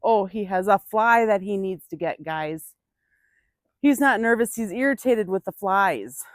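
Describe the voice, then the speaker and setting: A woman in an outdoor pen, explaining each step of a training session to viewers. She sounds dry and close, at a middle pitch. Her voice drops to a gentle, coaxing murmur when she speaks to the animal. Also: animated, measured pace, no echo. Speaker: burro trainer. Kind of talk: hands-on training demonstration.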